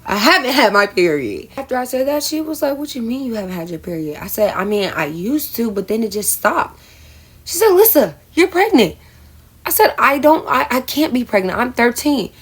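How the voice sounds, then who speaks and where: A woman's voice: on the high side, expressive, a little fast, a bit bright, breathy edge. A young adult woman telling a personal story in a casual vlog, chatty and self-mocking, often calling her viewers y'all. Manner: chatty, addresses viewers as y'all, laughs at herself. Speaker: storyteller vlogger.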